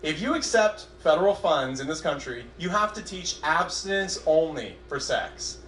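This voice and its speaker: A young man doing a stand-up comedy set on a club stage, self-deprecating and halting, with frequent restarts. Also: fairly high pitch, sing-song, a bit bright, slight background noise. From Southern California. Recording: echoey club room, faint crowd ambience.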